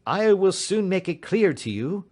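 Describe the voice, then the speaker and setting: A man's voice: sits high, very animated, unhurried, a little mellow, pitched above the performer's own voice, full character voice. A man voicing a tall, gaunt woman servant speaking plainly and respectfully in an audiobook. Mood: forthright. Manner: respectful yet plain-spoken.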